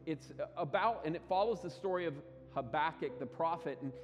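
A man preaching a sermon, telling stories with lively acted quotes and frequent restarts. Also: on the high side, brisk, in a large hall, lo-fi sound. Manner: animated storytelling with acted quotes, many restarts. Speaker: pastor.

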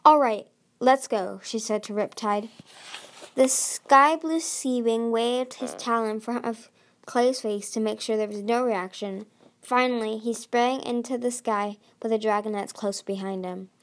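A woman reading a fantasy novel aloud as an amateur narrator, stumbling and restarting words now and then and lifting her voice for the dialogue. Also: medium pitch. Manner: reads with frequent slips and restarts. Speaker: audiobook reader.

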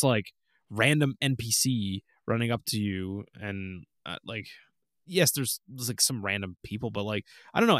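Young adult male podcast co-host, lively swinging pitch, dry close sound, casual ranting delivery. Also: dry recording. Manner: animated, ranting, acts out game moments. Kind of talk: casual chat.

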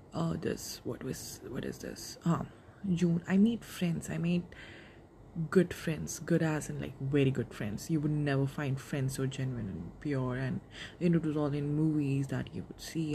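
Her voice is deep, creaky, and dark in tone, with a little hiss or hum in the recording. She's a twentysomething podcast host doing a casual solo show, rambling and cursing freely as she corrects herself.

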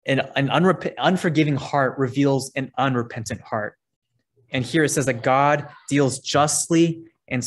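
Man, pastor, sermon, earnest conversational preaching, mid-pitched voice.

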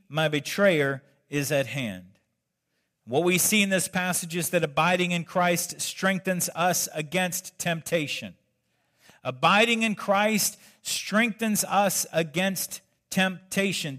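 A man's voice: sits high, measured pace, fairly bright tone. A male pastor preaching a sermon in a conversational way, breaking in with joking asides.

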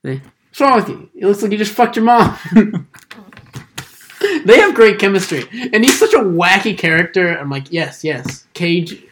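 Animated young man chatting about movies. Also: sits high, normal speed, a little hiss or hum. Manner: animated, laughing, quoting movie lines in funny voices. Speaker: podcast host. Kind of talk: casual chat.

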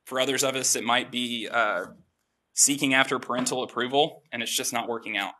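A man giving a relaxed, chatty sermon with self-deprecating asides. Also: mid-range voice, brisk. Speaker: preacher. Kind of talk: conversational sermon.

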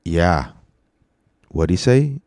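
A man's voice: sits low, very animated, very slow, a little mellow. A young man hosting a casual solo podcast, rambling in laid-back, profane slang. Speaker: podcast host and stand-up comedian.

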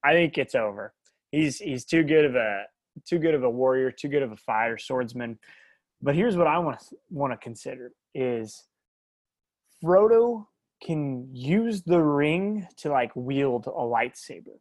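A man in his thirties co-hosting a podcast, talking in a rambling, animated way and laughing often. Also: medium pitch, a little slow, dry recording. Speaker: podcast co-host. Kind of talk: casual chat.

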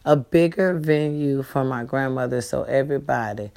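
A woman with a Black voice pleads straight to camera, emotional and insistent. She repeats her appeals over and over, dropping low and hushed, then rising high and loud. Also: normal speed, gravelly. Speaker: granddaughter making a public appeal.

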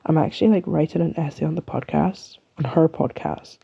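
A woman's voice: low voice, fairly quick, creaky, husky, dull audio. A young woman from the UK with an English accent, chatting and rambling through her solo podcast in a self-mocking way. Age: young adult. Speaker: podcast host. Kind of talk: casual solo podcast chat.

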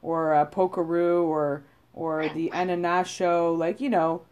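A woman rambles through a casual podcast chat, blunt and profane. She fills her talk with "like" and "you know." Her voice sits slightly low for a woman. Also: steady tone, unhurried, darkish tone, clean tone. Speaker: podcast co-host.

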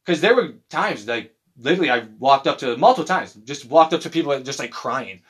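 A man in casual chat who tells profane, animated stories and mimics other people in mocking voices. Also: medium pitch, a little fast, breathy edge.

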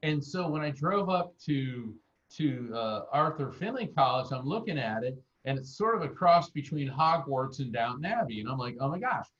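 This interview clip features a guest medium from the United States, a man with a mid-range voice talking at a moderate pace. He tells lively anecdotes and acts out whoever he's quoting, though the sound is lo-fi.

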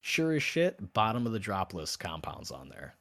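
Profane, animated man telling a story. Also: lowish voice, moderate pace. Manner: animated, profane, acts out both sides of chats. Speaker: podcast co-host. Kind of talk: casual storytelling chat.

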